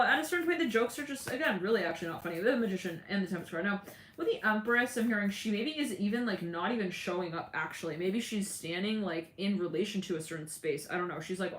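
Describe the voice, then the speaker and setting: In an echoey room with faint ambience and slight background noise, a woman reads tarot in a casual, rambling way. Her voice is lowish and a bit bright, and she frequently laughs while imitating what people say.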